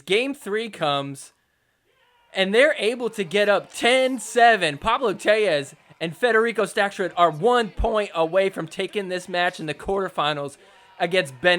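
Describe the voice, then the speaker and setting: Young male sports podcast host; high, bright tone; excitable, joking recap with mock outrage. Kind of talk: casual sports recap commentary.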